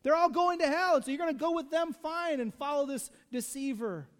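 A preacher putting on sneering indignant religious leaders. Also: male voice, very high voice, fairly quick, voice pushed up. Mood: scornful. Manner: mocking, heated, rising to a near shout.

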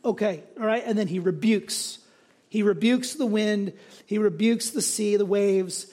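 A male pastor preaching a sermon in a conversational, animated way, often checking in with "right?". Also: high voice, a little slow.

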